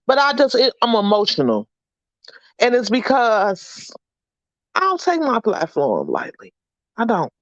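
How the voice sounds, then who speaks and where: A woman's voice: a little high, sing-song, normal speed, no echo, highs cut off. A middle-aged woman hosting a casual livestream chat, upbeat and encouraging as she reads out names from the chat. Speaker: livestream host.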